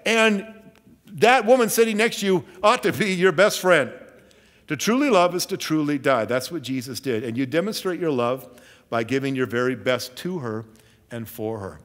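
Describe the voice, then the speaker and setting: A man's voice: sits high, lively intonation, moderate pace, big-room sound. A man giving a sermon as pastor, emphatic and earnest, with self-deprecating asides. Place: church.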